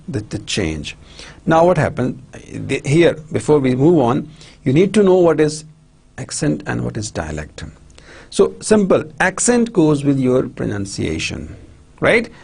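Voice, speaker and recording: Husky lecturer with a gravelly, lively voice. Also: male voice, mid-range voice, unhurried. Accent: Pakistani English. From Pakistan. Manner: repetitive, checks understanding often, many restarts. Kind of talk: recorded university lecture.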